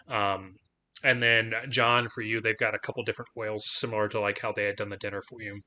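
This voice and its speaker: Man GM, bright voice, rambling narration full of fillers. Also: lowish voice, flat delivery, brisk. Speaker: game master. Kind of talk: narrating a tabletop game.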